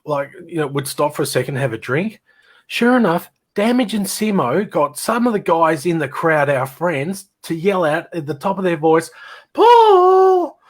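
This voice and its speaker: A middle-aged Australian man, his voice a little high, rambles through stories about his old band in casual chat. He laughs and imitates people along the way.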